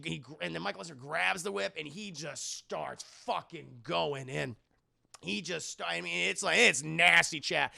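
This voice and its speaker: A man casually recapping a film for his stream chat, telling it in an animated, profane way. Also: fairly high pitch, moderate pace, creaky, no echo, clean studio sound. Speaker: movie reviewer streaming to chat.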